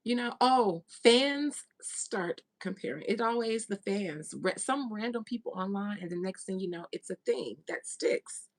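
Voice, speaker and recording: A woman's voice: medium pitch, lively intonation, measured pace, hardly any pauses. Blunt, gossipy woman reader. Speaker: tarot reader. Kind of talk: casual monologue, spiritual reading.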